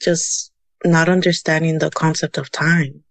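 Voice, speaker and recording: A woman's voice: low voice, little pitch movement, measured pace, no echo. Woman, thirties, from Houston, casual storyteller, chatty, Spanish words mixed in, dead-dry studio sound. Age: 30s. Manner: chatty, mixes in Spanish words, frequent "you know". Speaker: podcast guest.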